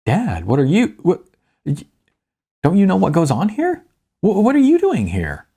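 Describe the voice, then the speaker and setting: A man voicing a startled grown son, a politician who squeaks and stammers at his father. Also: huge pitch swings, normal speed, gravelly, warm tone, husky, full character voice. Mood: flustered.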